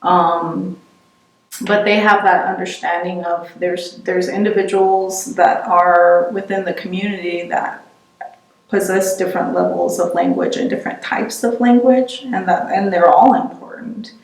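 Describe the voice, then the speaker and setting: A middle-aged woman giving an oral history interview, reflective and halting, often restarting her sentences. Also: lowish voice, fairly even intonation. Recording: roomy, distant mic.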